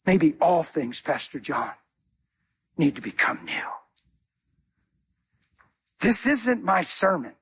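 A man preaching a sermon as a guest speaker, animated, telling stories with acted-out dialogue. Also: fairly high pitch, slow, pauses often, a little hiss or hum.

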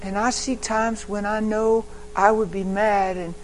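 Man's put-on little girl voice, earnest and hesitant, higher than his own. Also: flat delivery, measured pace, a little hiss or hum, rough recording. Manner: hesitant, childlike pleading. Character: small girl, sweet and earnest.

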